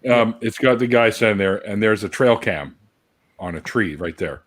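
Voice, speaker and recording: A man on a livestream calmly explaining a photo to the others, with pauses and fillers. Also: lowish voice. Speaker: livestream guest. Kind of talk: casual chat.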